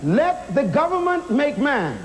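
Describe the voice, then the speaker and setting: A man's voice: very high-pitched, wildly swooping pitch, measured pace, a little hiss or hum, rough recording. A man preaching a sermon in an auditorium, emphatic, asking rhetorical questions and calling the crowd to respond.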